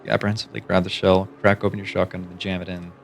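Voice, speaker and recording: A man streaming live, reading a gamebook aloud in hushed, low-key second-person narration. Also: little pitch movement, rapid-fire, gravelly, faint music behind.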